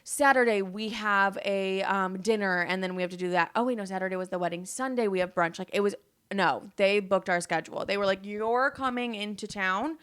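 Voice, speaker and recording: A young woman vlogging from her apartment, telling stories in a chatty, profane, animated way with plenty of fillers. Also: medium pitch, a little fast, smooth. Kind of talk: casual storytime chat.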